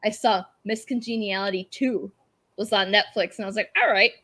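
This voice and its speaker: A woman hosting a casual podcast chat, animated, swearing and tripping over her words. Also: medium pitch, brisk. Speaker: podcast host.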